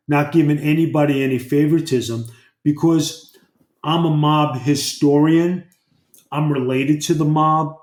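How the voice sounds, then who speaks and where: A man's voice: fairly high pitch, a little mellow. A man co-hosting a podcast as a mob historian, talking bluntly and profanely in a rambling way. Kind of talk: casual podcast chat. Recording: roomy echo.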